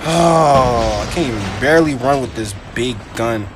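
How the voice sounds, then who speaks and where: Excitable young man commentating his gameplay. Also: medium pitch, a little slow, noisy background. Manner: excitable, swings from yelps to muttered grumbling; trash-talking, playful. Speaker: gamer commentating his own play. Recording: game gunfire and sounds behind voice.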